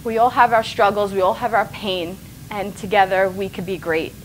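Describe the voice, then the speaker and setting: A woman's voice: medium pitch, fairly even intonation, normal speed, slight background noise, low-quality recording. A woman in her forties, a talk show guest, speaking earnestly while tearful and emotional. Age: 40s. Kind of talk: casual interview.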